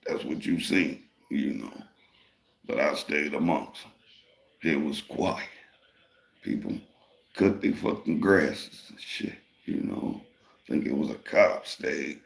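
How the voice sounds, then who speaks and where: A deep, gravelly man tells a long story in a loose, profane, streetwise way. His voice rings a little in an echoey room. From Detroit, Michigan. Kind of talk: casual storytelling.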